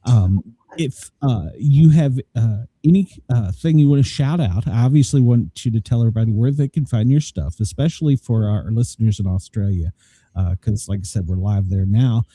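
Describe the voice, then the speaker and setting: A man's voice: mid-range voice, normal speed, mellow, breathy edge, no room sound. A man hosting a podcast in casual chat, talking loosely with many fillers. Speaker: podcast host.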